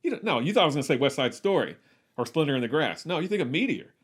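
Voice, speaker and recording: A man's voice: a little high, big pitch swings, very fast, husky. Rambling man on a movie podcast. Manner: rambling, self-correcting, wry. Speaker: podcast co-host. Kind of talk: casual movie podcast chat.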